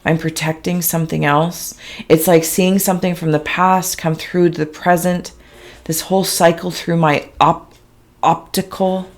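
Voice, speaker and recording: Slow, dreamy woman reading visions. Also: fairly low pitch, level tone. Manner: soft, emotional and tender. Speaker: intuitive reader. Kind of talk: meditative spiritual reading.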